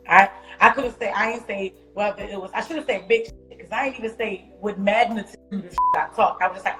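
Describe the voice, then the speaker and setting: A woman talks on a live stream, loud and profane as she tells her story with animation. The room echoes around her voice, and music plays clearly beneath it. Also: medium pitch, fast talker, few pauses. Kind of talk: casual chat on a social media live stream.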